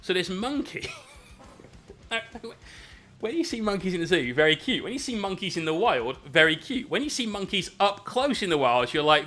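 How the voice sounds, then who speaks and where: A man's voice: high-pitched, very animated, normal speed, pushed and bright. Chatty British man telling a tale. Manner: rambling, swearing, laughing storyteller. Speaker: miniature painting streamer. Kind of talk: casual anecdote while painting.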